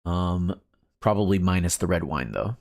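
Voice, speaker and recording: A man's voice: deep voice, animated, moderate pace, gravelly, darkish tone. A man streaming a game, chatting casually with his chat and laughing often. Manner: laid-back, laughs often, reads chat aloud.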